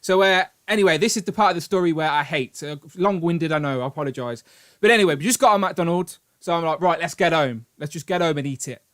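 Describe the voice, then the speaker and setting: Man, British accent, stream host, rambling animated storyteller, grumbling, fairly high voice. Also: fast talker. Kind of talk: casual live-stream chat.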